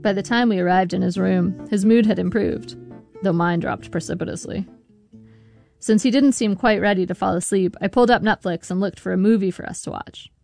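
Gravelly woman narrating a memoir. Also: mid-range voice, fairly quick, a little mellow, no room sound, clean studio sound. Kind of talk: scripted audiobook narration. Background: faint guitar music.

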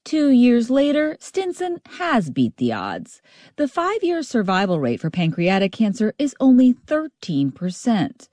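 A woman reads a scripted radio news report, her pitch moving freely up and down. Her tone is mellow, and her measured, expressive reading is recorded dry and close. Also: no echo.

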